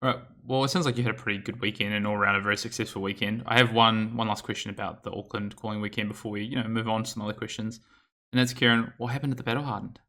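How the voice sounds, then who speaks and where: A man hosting a podcast, briskly putting questions to a guest. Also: lowish voice, fairly even intonation, pushed and bright. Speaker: podcast host. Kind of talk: hosting an interview.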